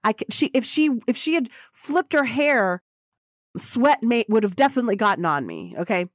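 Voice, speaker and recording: Woman host telling a story on her podcast, all gushy and excitable, cusses a lot, dry close sound. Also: on the high side, normal speed, no room sound. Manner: excitable and gushing, swears casually.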